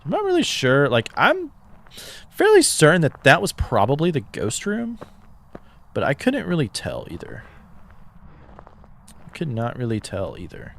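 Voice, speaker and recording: A man's voice: a little high, huge pitch swings, unhurried, gravelly, pauses often, a bit bright, slight background noise. A man giving casual commentary while streaming a game, chatty and thinking aloud with frequent fillers.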